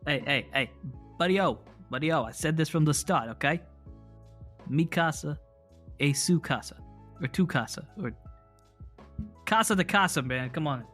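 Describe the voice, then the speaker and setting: A man's voice: a little high, expressive, a little slow, pauses often, a bit bright, soft background music. A man voicing a scrappy male Piplup who talks like a slangy, overfamiliar tough guy. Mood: jovial.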